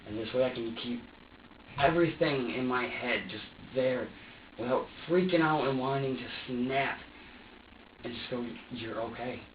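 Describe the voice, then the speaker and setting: A man's voice: mid-range voice, normal speed. A man being questioned in an interrogation room, talking in rambling, repetitive bursts and replaying his own words. He sits away from the mic in a bouncy room, with a dull, lo-fi sound and a faint hiss behind him. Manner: rambling, repeats himself, acts out what he said. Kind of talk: police interrogation. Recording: echoey, distant, dull lo-fi room recording.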